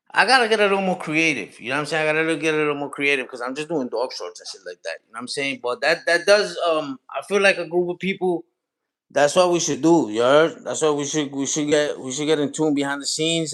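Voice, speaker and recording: A man's voice: on the high side, a bit bright. A man in his forties hosting a livestream, talking casually and profanely straight to his chat, rambling from point to point. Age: 40s. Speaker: livestream host.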